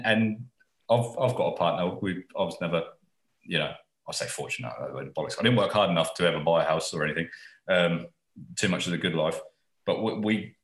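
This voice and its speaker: A man's voice: low voice, a bit bright, reverberant. A man in casual podcast chat as a guest, rambling and swearing casually.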